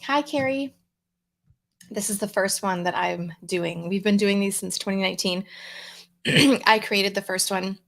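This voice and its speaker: A woman hosting a live coaching challenge, greeting viewers by name in a relaxed, upbeat casual chat. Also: mid-range voice, a little slow, gravelly, pauses often. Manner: relaxed, chewing mints between words. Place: home room with a fan, livestream.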